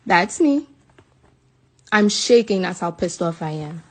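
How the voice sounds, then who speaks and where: An American livestreamer in a hotel room rants into her phone in an emotional live video, agitated, indignant and repeating herself. Her voice sits fairly low and sounds husky, with a sing-song lilt at a moderate pace.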